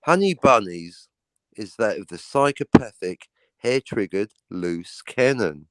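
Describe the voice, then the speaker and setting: A man's voice: on the low side, expressive, a little slow, background noise. Man reading a script aloud on a livestream. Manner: reads aloud with asides and fillers like "all right". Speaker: livestream host.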